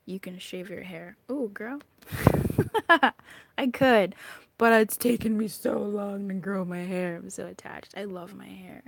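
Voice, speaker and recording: A woman's voice: mid-range voice, fairly even intonation, unhurried, gravelly, a little hiss or hum. A woman giving a chatty live tarot reading, bubbly and talkative, sometimes dropping into whispered asides. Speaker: tarot reader.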